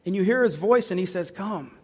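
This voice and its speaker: A male pastor preaching a sermon, sinking to soft intimate tones at times. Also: high voice, fast. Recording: long reverb of a large hall.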